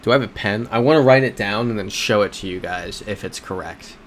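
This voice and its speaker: A man's voice: on the low side, a little fast, slight background noise. A man chatting casually as he streams a geography game, thinking aloud and reading out his chat.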